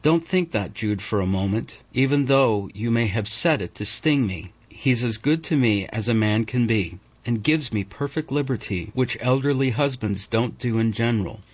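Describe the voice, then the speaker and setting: A man's voice: medium pitch, lively intonation, moderate pace, few pauses, slightly rough. A man reading an audiobook voices a guarded, emotional young woman who speaks hastily. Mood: pleading. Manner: tense, hasty. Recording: dull, dry audiobook recording.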